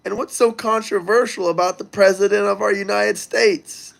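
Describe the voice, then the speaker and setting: A man's voice: high voice, steady tone, moderate pace, gravelly. A man hosting a casual livestream, talking loosely and crudely straight to his viewers as he reads the chat. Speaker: livestream host reading chat.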